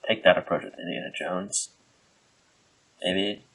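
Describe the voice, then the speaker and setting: A man co-hosting a podcast in casual, rambling chat, joking and filling pauses with "like" and "um". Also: deep voice, fairly even intonation, vocal fry, a bit bright, husky, poor audio. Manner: rambling, jokey, many fillers. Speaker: podcast co-host.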